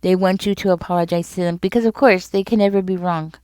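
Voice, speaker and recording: A tarot reader speaks straight to her viewers in a casual reading to camera, chatting loosely and going back over her points. Her low, smooth voice is warm and steady, and she talks fast. The recording is close and dry, with no room sound.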